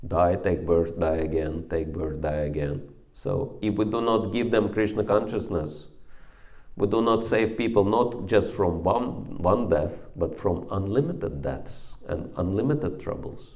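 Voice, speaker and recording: A man with a Russian accent giving a sermon as a monk preacher, measured and hesitant, pausing between phrases. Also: deep voice, darkish tone. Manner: slow, measured, with pauses and hesitations.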